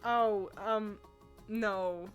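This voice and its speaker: A woman's voice: medium pitch, fairly even intonation, drawn-out words, clean tone, dull audio, soft background music. A young woman streamer chatting casually with her live chat, laughing often and swearing freely. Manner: giggly, laughs often between remarks.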